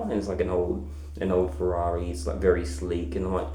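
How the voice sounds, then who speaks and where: A man's voice: low-pitched, a little fast, warm tone, reverberant, slight background noise. A young man rambling through a casual diary vlog, with many fillers and restarts. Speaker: vlogger.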